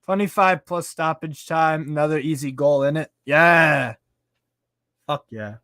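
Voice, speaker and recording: A man hosting a casual live football stream. He reads out viewer comments in a chatty, excitable way, swears casually and laughs often. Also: a little high, a little slow, no room sound, studio quality. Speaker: live stream host reading fan chat.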